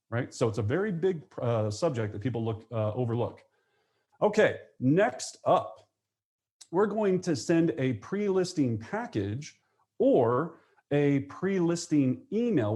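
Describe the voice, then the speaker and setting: Male webinar coach, mid-pitched, upbeat, slips into playful voices to act out calls. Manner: energetic, acts out phone calls in quick voices. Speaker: real estate trainer. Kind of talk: live webinar teaching.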